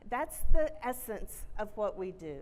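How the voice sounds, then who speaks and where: A woman's voice: medium pitch, very animated, unhurried, darkish tone, slight background noise. A middle-aged woman with a Texan accent, a college president giving a friendly, chatty conference keynote at a stage microphone. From Texas. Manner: friendly, chatty, self-deprecating asides. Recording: reverberant auditorium.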